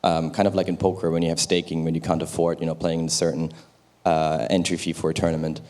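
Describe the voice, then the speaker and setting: A man speaking as a panelist on a theater stage, measured and explanatory. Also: rumbling low, flat delivery, darkish tone. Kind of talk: conference panel discussion.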